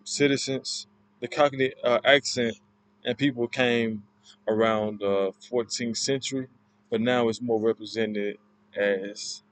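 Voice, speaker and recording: A man giving an informal class presentation, explaining in a halting, loosely worded way. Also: medium pitch, no room sound, rough recording. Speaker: student presenter.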